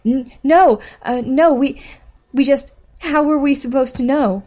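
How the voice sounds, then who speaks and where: Storybook role: a scared, stammering captive woman pleading for mercy, read by a woman narrator, voice pushed up high and strained. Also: fast, lightly acted. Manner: stammering, plaintive.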